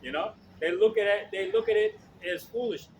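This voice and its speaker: A man preaching outdoors on the street, loud and blunt, swearing and checking in with his listeners again and again. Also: high-pitched, brisk, slight background noise. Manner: loud, blunt, profane, keeps asking "okay?".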